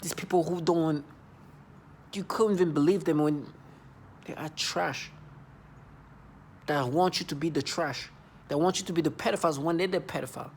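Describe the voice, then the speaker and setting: A man's voice: a little high, creaky, slight background noise. A man in his thirties ranting in an agitated, repetitive, accusing monologue to camera. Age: 30s. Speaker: vlogger.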